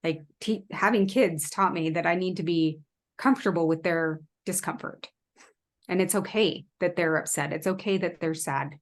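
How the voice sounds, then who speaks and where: Reflective woman guest, lowish voice. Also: moderate pace. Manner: reflective, thoughtful, with fillers. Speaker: podcast guest. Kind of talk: casual interview chat.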